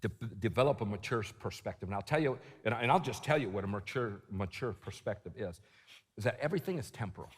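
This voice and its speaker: Animated man preaching in a reverberant hall. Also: fairly low pitch, fast, slightly rough. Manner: animated, shouting at the peaks, laughing, quoting himself. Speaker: conference speaker. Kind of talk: storytelling sermon. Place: large conference hall.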